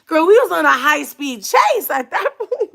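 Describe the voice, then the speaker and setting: A woman talking straight to her viewers, spinning a personal story. She is animated and slangy, full of asides, laughing often and dropping from hushed tones to loud bursts. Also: sits high, a little slow, vocal fry. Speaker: vlogger.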